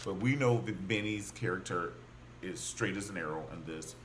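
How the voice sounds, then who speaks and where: A man casually recapping a TV drama, gossipy and animated, acting out the characters' lines as he goes. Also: deep voice, moderate pace, a little hiss or hum. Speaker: TV show reviewer.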